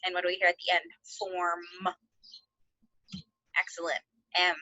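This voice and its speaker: A woman teaching an online phonics lesson to second graders, sounding out letters slowly and encouraging the class. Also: on the low side, completely flat delivery, bright, forceful tone, no echo, dull audio.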